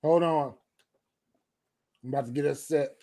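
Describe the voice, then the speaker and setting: A man in casual podcast chat, unhurried and laughing, with profane asides. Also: on the high side, mellow.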